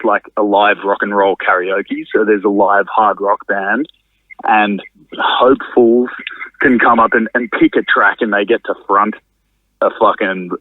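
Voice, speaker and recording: A man's voice: on the low side, dry recording. A man, a drummer and venue owner, chatting casually as a podcast guest, rambling and swearing freely. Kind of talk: casual conversational interview. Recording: narrow phone-like sound, dry.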